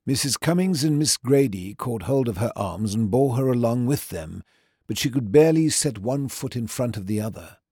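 A man narrating a story in the first person, with a measured, even delivery. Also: medium pitch, breathy edge, no echo, studio quality. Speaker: audiobook narrator.

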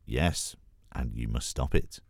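A man voicing a calm, protective male leopard who speaks in a measured, deliberate way, in a storybook reading. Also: extremely low pitch, dry recording, studio quality. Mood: hushed.

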